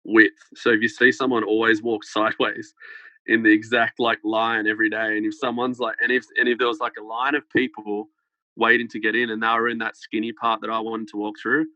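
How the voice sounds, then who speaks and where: A man's voice: on the low side, little pitch movement, a little fast, sharp tone, no room sound. A young man telling a story as a podcast guest, rambling with lots of fillers and light laughter. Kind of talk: casual storytelling. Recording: dull lo-fi podcast sound.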